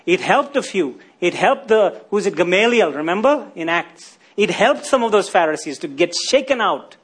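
A man's voice: high-pitched, big pitch swings, moderate pace, a bit bright, slightly rough. A man preaching a sermon, often asking his listeners rhetorical questions and tagging lines with "isn't it?".

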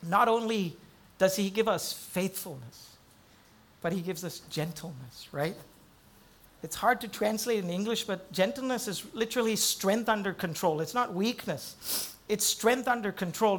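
A middle-aged man preaches from the pulpit in a notably high voice. He tells his stories in a hushed, low register, then builds to loud, rising emphasis on key points. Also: normal speed. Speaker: pastor. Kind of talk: sermon.

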